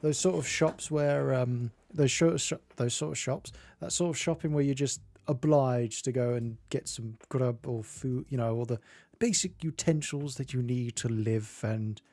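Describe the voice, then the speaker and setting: A man's voice: medium pitch, moderate pace, a little mellow, dry recording. A man chatting casually with viewers at the start of a live stream, greeting them by name and rambling a little. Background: faint game music.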